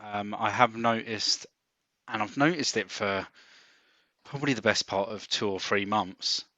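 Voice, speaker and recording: A man co-hosting a podcast in casual chat, pausing often with ums and restarts. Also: on the low side, pushed and bright, no echo. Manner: hesitant, many ums and restarts. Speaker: podcast co-host. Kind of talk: casual chat about fantasy football.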